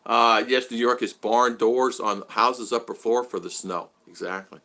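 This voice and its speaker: A man's voice: medium pitch, measured pace, pushed and bright. A middle-aged American man vlogging in a casual livestream chat, rambling and repeating himself. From United States.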